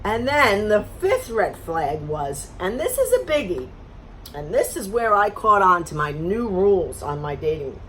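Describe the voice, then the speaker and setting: A middle-aged woman vents about a bad date with sarcastic exasperation, her pitch leaping up and down as she talks. There is a faint hiss of noise behind her. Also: big pitch swings, unhurried, a bit bright. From Florida. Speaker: vlogger. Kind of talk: casual storytelling rant.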